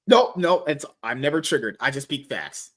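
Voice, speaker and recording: A young man hosts a casual podcast and rants with profanity, his voice swinging widely in pitch. He sits a little higher than most men. It is loose, heated, unscripted chat. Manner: animated, ranting, profane. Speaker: podcast host.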